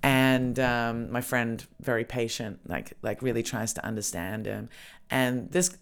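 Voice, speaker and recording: A woman's voice: rumbling low, steady tone, a little slow, gravelly. A woman hosting a podcast, telling casual stories in a rambling way with lots of fillers and swearing. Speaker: podcast host. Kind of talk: casual chat, storytelling.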